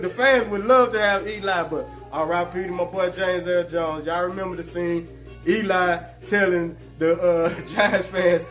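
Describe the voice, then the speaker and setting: A man hosting a casual sports talk show, animated and joking, full of slang. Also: high voice.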